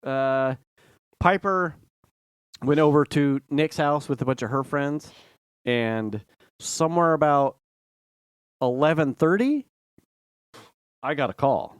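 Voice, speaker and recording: A middle-aged man co-hosting a podcast, telling a rambling, animated story in casual chat and acting out quotes. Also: on the high side, slow, pauses often, smooth, no echo, clean studio sound. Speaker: podcast co-host.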